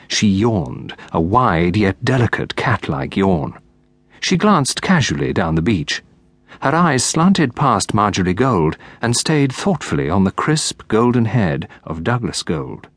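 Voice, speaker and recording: A man narrating an audiobook in a measured, expressive reading. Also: fairly low pitch, breathy edge, no echo. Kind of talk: scripted narration.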